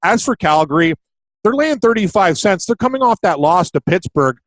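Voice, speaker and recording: Excitable man talking hockey bets. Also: high-pitched, normal speed, no echo, low-quality recording. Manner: excitable, blunt, swears casually. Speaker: podcast co-host, betting analyst. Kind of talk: casual sports betting chat.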